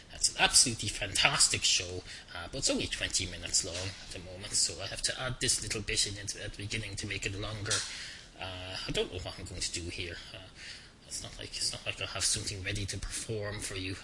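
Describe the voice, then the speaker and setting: Rambling, low-voiced man hosting a podcast. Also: brisk, background noise. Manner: dry, rambling and self-mocking, full of uh fillers and restarts. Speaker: podcast host. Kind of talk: rambling solo podcast monologue. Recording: music clearly heard behind the voice. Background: background music.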